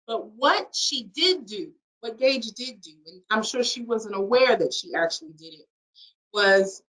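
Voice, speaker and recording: Woman presenter, bright high voice, set back from the mic, history lecture. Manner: quick, explanatory lecture. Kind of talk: online library history talk. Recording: distant from the mic.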